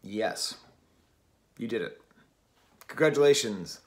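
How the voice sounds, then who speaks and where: A man's voice: mid-range voice, animated, normal speed. A man from New England giving a casual, wry album review at home, often laughing at himself. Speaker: record reviewer. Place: at home, early morning. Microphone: camera mic.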